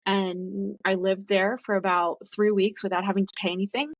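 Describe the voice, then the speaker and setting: A woman's voice: medium pitch, little pitch movement, moderate pace, no room sound. A woman guest telling her story in a casual, chatty way, full of "like" fillers. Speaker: podcast guest. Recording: dull, dry lo-fi recording.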